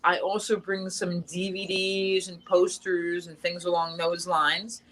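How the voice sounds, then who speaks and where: Lowish voiced woman chatting away as a guest, rambly, lots of ums and restarts. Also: little pitch movement, unhurried, fairly bright tone, rough recording. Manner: chatty, many fillers and restarts. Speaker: guest actress. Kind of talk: casual interview chat.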